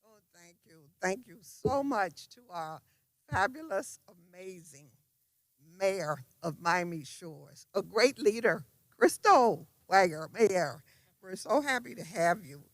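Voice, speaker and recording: A woman's voice: takes it slowly, no echo. An older woman speaking as a congresswoman at a community roundtable, effusive and telling stories. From South Florida. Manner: effusive, storytelling, rises high when excited.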